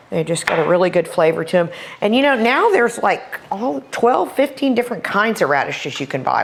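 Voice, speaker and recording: Chatty Texan woman demonstrating recipes. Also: medium pitch. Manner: chatty, enthusiastic, homey. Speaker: cooking show host. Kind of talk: cooking demonstration.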